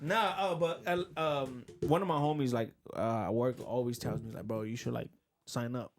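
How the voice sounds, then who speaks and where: A man hosting a podcast, chatting casually and telling stories in which he acts out the dialogue. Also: mid-range voice. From Cuban and Puerto Rican family. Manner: rapid storytelling, acts out quoted dialogue. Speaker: podcast host. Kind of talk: casual chat.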